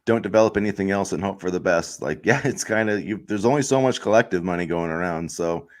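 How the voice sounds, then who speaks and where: A man talks sports on a podcast with a somewhat low voice. He rants heatedly and rambles, packing his talk with filler words. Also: fast talker. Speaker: podcast co-host. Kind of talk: casual sports chat.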